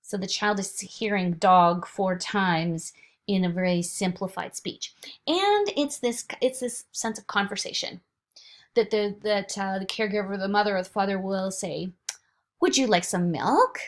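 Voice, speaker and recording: A woman instructor talks through a recorded lecture in a chatty, unscripted way. Her voice sits at a middle pitch, and she slips easily into playful sing-song examples. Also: moderate pace.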